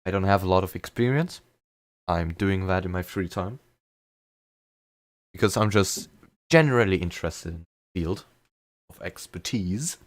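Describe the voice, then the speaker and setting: A young man with a light German accent, talking loosely and a bit self-deprecatingly to his stream audience. His voice sits very low. The sound is dry and close, with no room to it. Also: expressive, moderate pace, long pauses, no echo. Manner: chatty, rambling, self-deprecating. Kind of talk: casual chat during a live game stream.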